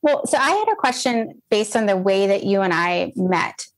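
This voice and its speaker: A woman's voice: medium pitch, animated, normal speed. A woman guest on a podcast, chatting casually and asking friendly questions. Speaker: podcast guest, pitching expert. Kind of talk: casual interview conversation.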